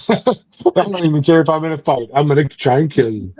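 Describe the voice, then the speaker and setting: A man's voice: on the high side, brisk, dark tone, no room sound, dull audio, lightly acted. Venom, a man doing a casual menacing monster.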